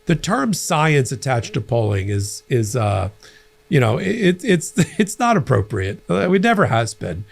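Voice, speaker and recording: A middle-aged man hosting a political commentary show, talking in an animated, conversational way with frequent restarts. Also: medium pitch, measured pace, creaky, husky. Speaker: host.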